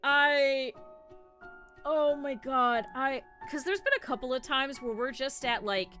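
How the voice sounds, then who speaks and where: A woman streamer telling stories to her chat in a casual way. She is animated, laughs often and swears casually. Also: high voice, measured pace. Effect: cartoon avatar streamer, talking over game music.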